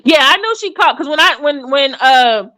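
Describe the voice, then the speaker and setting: A woman hosting a casual livestream commentary, chatty and animated, with many fillers and restarts. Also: high-pitched, normal speed. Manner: addresses viewers in chat by name. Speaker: commentary channel host.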